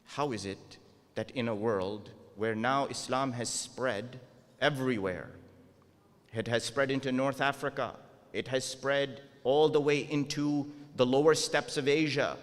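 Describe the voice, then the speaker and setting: A man's voice: mid-range voice, a bit bright. A man delivering an earnest sermon, often asking his audience rhetorical questions. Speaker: preacher. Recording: long hall reverb.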